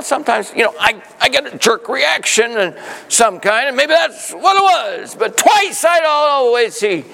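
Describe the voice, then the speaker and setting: Male pastor, animated sermon storyteller; high, gravelly voice, long hall reverb.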